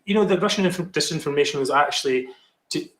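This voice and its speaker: A man's voice: a little high, fast, fairly bright tone. A man hosting a podcast, rambling and exasperated, with frequent restarts. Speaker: podcast host. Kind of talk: casual podcast commentary. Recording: echoey room on a call.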